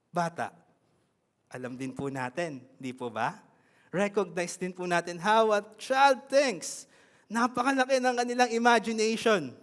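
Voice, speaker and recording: A man with a Filipino accent preaches with animation, often turning to ask his congregation questions. His voice sits high and rises and falls a lot. A long reverb trails behind him. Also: a bit bright. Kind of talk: sermon.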